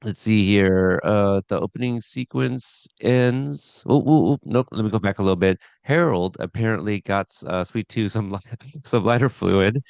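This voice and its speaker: Low, smooth-voiced man recapping an episode. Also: moderate pace, darkish tone, no room sound, muffled recording. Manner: rambling, chuckling, reads scene notes aloud. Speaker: podcast host recapping an episode. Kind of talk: casual recap discussion.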